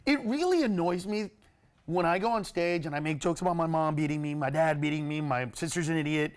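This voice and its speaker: A male comedian with a notably high-pitched voice chats on a TV talk show, animated and quick to laugh. He jumps between jokes and serious points in a loose, conversational way. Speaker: stand-up comedian guest. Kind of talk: casual TV chat. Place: TV studio.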